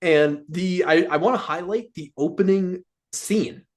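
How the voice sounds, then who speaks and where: A man co-hosting a podcast in casual chat, easygoing and quick to laugh along. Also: high-pitched. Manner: easygoing, laughs often, agreeable. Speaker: podcast co-host.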